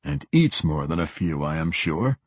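A shrewd old half-orc trader, as a male narrator voices him in an audiobook, low and a little husky, with courtly, amused manners. The read is close and dry, with no room around it. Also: very animated, moderate pace, no room sound, exaggerated voice. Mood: wry amusement. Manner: chuckling, genteel and pleading. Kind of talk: audiobook character voice.

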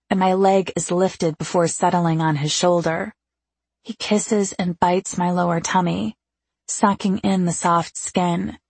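A woman reads a first-person romance aloud with slow, intimate delivery. Her voice sits low and husky, with a gravelly edge at the ends of lines. The sound is close and dry. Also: no room sound. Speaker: audiobook narrator.

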